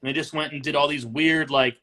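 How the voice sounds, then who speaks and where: A relaxed man hosts a casual chat, rambling and often restarting his thoughts. His voice sits a little higher than most men's. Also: fairly quick, rough recording. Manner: easygoing, rambling, many restarts. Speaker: podcast host.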